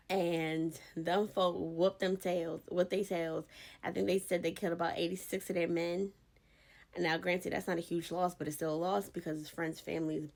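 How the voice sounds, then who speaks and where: Woman podcast host, low voice with a gravelly edge, chatty devotional storytelling. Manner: chatty, animated storytelling with slang. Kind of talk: casual devotional talk.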